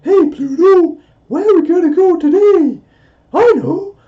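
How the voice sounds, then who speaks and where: A high, loud, dopey cartoon dog with a gloomy streak. The sound is dull and lo-fi. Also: male voice, unhurried. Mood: dopey gloom.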